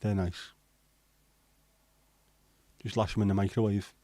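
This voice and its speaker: A middle-aged man, hosting a relaxed livestream and chatting with viewers in a jokey, rambling way. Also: on the low side, measured pace, dry recording. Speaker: livestream host. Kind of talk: casual chat reading viewer comments.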